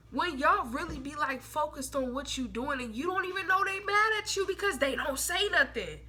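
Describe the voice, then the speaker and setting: Bright, high-voiced young woman reading tarot. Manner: chatty and blunt, slangy, swears freely, acts out quoted people. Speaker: tarot reader. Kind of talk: casual tarot reading monologue.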